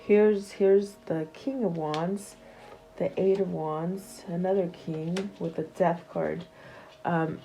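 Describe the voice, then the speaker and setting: A woman reads tarot cards aloud for her viewers in a relaxed, wandering way, often stopping to restart a thought. Her voice sits fairly low and sounds mellow and warm rather than bright. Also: rough recording. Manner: soft, meandering, many fillers and restarts. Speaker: tarot reader. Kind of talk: casual tarot reading to camera.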